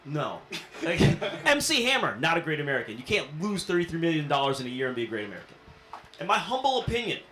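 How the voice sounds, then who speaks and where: On stage at a comedy club, a young comic delivers a punchy, playful set with chatty asides to the audience, who laugh along. His voice is a little high, bright and forceful, and the roomy live recording carries slight background noise.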